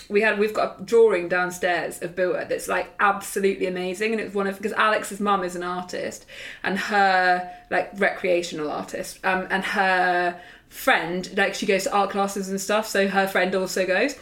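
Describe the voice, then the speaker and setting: A woman co-hosting a casual podcast chat. She tells a lively story, laughs as she goes and imitates her friends. Her voice sits at an everyday middle pitch. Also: normal speed. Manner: lively anecdotal, laughs mid-sentence, mimics friends. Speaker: podcast co-host.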